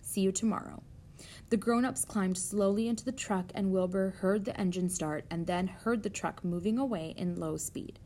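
A woman reads a children's novel aloud, steady and gentle, at a middling pitch. A faint low rumble sits under her voice. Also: normal speed, hardly any pauses. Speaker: narrator.

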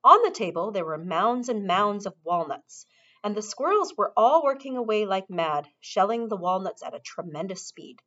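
A woman narrating a children's novel aloud in an expressive reading style. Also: medium pitch, moderate pace. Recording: dull lo-fi recording.

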